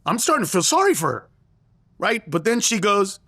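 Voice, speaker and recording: A man's voice: high voice, very animated, normal speed, pushed and bright, dry recording, clean studio sound. A middle-aged man, a comedian, telling a story in conversation and acting out the lines he quotes. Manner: acts out quoted lines in raised voice, laughs through story. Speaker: comedian guest.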